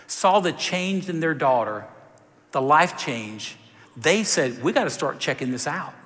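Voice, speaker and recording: A man preaching a sermon, telling a story with lively, direct appeals to the congregation. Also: a little high. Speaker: pastor. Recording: reverberant hall.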